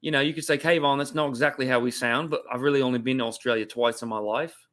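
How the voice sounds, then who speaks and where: A man's voice: mid-range voice, steady tone, fast, fairly bright tone, close to an everyday voice. A man putting on a playful mock Australian accent for a comedy show, mixing a British sound with a Southern drawl. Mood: joking.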